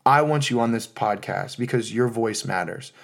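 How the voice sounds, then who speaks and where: Alone on his podcast, a thirty-something host from the United States talks at a moderate pace in a creaky voice of medium pitch. The monologue is casual, heartfelt, and loosely strung together with lots of fillers.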